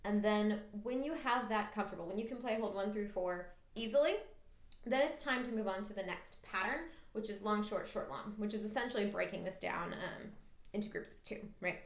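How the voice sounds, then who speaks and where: A woman's voice: medium pitch, a little fast, reverberant. A woman teaching a flute lesson, patiently coaching the listener through practice steps. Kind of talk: instructional music lesson.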